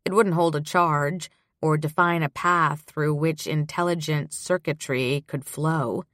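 Low-voiced, slow female narrator. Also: no echo, studio quality. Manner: measured, even storytelling. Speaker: audiobook narrator. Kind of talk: scripted narration.

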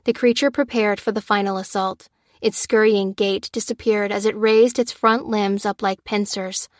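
A woman reading a novel aloud as narrator in steady, measured audiobook narration. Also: medium pitch, no room sound, studio quality.

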